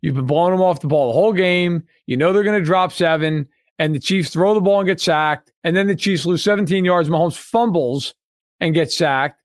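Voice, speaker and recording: A fired-up man co-hosts a podcast, driving his analysis with emphatic, repeated points. His voice sits fairly high for a man, and the sound is dry and close. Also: brisk, dry recording. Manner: heated, emphatic and repetitive. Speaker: podcast co-host.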